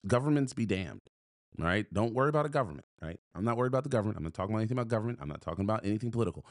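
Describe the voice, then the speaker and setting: Guy with a low deep voice on a podcast, emphatic, keeps repeating himself, dry close sound. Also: expressive, rapid-fire, dry recording. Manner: emphatic, repeats phrases and restarts, punchy asides. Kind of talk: casual podcast storytelling.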